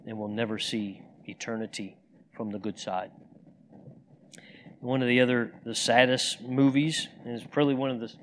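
A man's voice: medium pitch, a little hiss or hum. Earnest man preaching a sermon. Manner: storytelling with acted quotes, then earnest prayer. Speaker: pastor.

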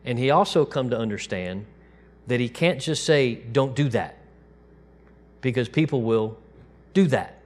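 A man preaching a sermon to his congregation in a relaxed, conversational way, dropping to a soft, quiet voice when he quotes God. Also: mid-range voice, normal speed. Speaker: pastor.

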